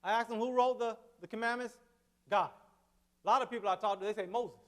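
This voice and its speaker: Man with a very high voice, excitable church speaker, telling a witnessing testimony with bursts of exclamation. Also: quick pace, long reverb tail. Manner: excitable, exclamatory, repeats himself. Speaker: Adventist speaker sharing a witnessing story. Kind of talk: personal testimony storytelling.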